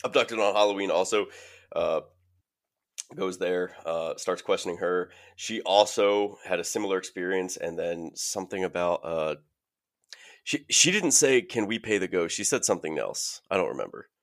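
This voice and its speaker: A man's voice: deep voice, expressive, moderate pace. A man hosting a podcast, retelling a horror movie's plot in a rambling, filler-heavy way. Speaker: podcast host. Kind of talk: casual movie recap.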